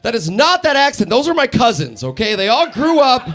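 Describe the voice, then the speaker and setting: A man doing a stand-up set in a radio station's live studio, animated and laughing at his own jokes. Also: extremely high pitch, fairly quick. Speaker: stand-up comedian.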